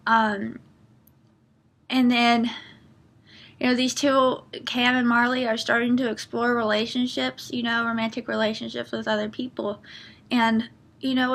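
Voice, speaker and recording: A woman's voice: on the high side, bright, forceful tone. A woman talking casually in a book review vlog, earnest and rambling with many fillers and restarts, openly emotional and close to tears.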